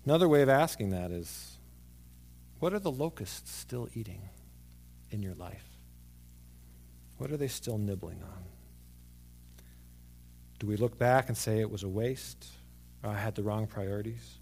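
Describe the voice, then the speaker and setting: A man preaching a sermon to a congregation, rising loud and emphatic, then dropping to quiet, hushed tones. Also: on the low side, expressive, measured pace, long pauses. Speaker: pastor. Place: church sanctuary with congregation.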